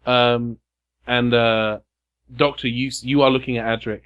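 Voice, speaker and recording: A man's voice: mid-range voice, little pitch movement, fairly bright tone, smooth, dull audio. Man narrating as game master. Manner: descriptive, pauses often with fillers. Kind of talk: narrating a tabletop role-playing game. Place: game cafe.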